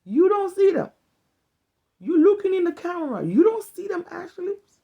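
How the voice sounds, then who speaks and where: A woman's voice: very high voice, very animated, normal speed, lo-fi sound, pitched above the performer's own voice, full character voice. A woman voicing her older African grandmother, who nags shrilly and repeats herself. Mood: scolding.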